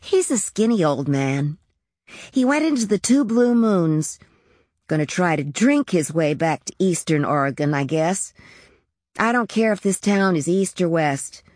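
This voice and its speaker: For this audiobook character, a woman plays a small-town teenage girl with dreams of trucking, telling the story in a plainspoken, blunt and chatty way. Her voice is animated, on the low side, a little slow and a little mellow, and the studio-quality recording has no echo.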